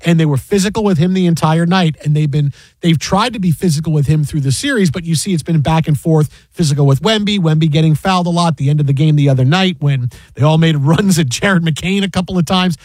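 An animated man hosting sports talk radio, his voice sitting high for a man. He talks in a casual, lively way and slips into voices to act out what others might say. The studio sound is dry and close. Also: fast, hardly any pauses, no room sound, rough recording. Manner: animated, acts out quoted voices.

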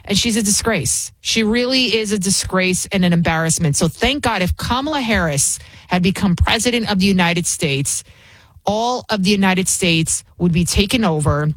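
A woman's voice: mid-range voice, normal speed, no echo. A woman hosting a political talk show, delivering combative, sarcastic commentary with heavy emphasis.

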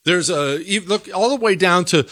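A man's voice: sits high, normal speed, bright, forceful tone, no echo, clean studio sound. A man hosting a political commentary show, talking in an emphatic, sarcastic monologue.

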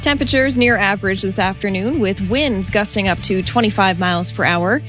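A woman forecaster giving a brisk, clear radio weather report. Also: mid-range voice, a bit bright, soft background music.

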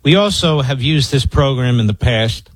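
A man's voice: mid-range voice, expressive, normal speed, no room sound, low-quality recording. A man hosting a talk radio show, telling a story in an emphatic, boastful manner.

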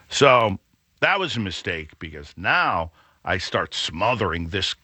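A middle-aged man hosting a radio show, telling a rambling story with many fillers and an animated, booming way of talking. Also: measured pace, slightly rough, no room sound. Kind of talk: storytelling chat.

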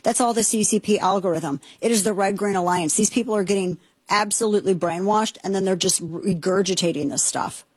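A middle-aged woman hosting a political talk radio show, sarcastic and indignant in rapid-fire bursts. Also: medium pitch, husky, dry recording.

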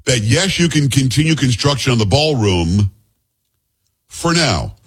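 A man hosting a talk radio show, bantering and telling stories in an animated, joking way. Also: mid-range voice, background noise. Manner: animated, joking, quick-fire storytelling.

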